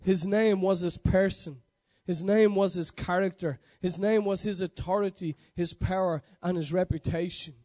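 A man's voice: sits high, fairly even intonation, moderate pace, hardly any pauses, mellow. A man preaching a sermon, building emphatic repeated declarations and often correcting himself mid-sentence. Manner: emphatic, repetitive declarations with frequent self-corrections.

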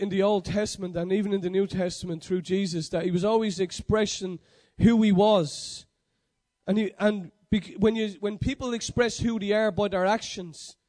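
A man's voice: high-pitched, darkish tone. A man preaching a sermon, building emphatic repeated declarations and often correcting himself mid-sentence. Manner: emphatic, repetitive declarations with frequent self-corrections.

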